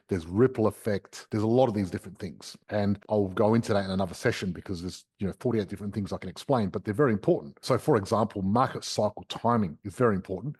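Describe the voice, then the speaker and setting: A man's voice: fairly low pitch, a little mellow, breathy edge. A man hosting a property podcast, explaining investing step by step in a chatty, casual way. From Australia.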